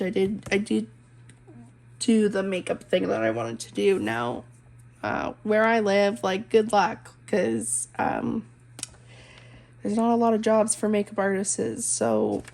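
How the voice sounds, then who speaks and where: A woman's voice: medium pitch, vocal fry, a little mellow. A woman in her twenties, a stay-at-home mom, chatting casually and rambling while she colors, full of "like" and "um". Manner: rambling, heavy use of "like" and "um", self-interrupting.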